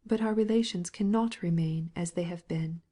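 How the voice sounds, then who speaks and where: A guilty young wife speaks in an earnest, hesitant voice, timid yet holding her ground. The tone is low and mellow as a woman reading a novel aloud gives her lines. It is a storybook reading. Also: normal speed, close to an everyday voice.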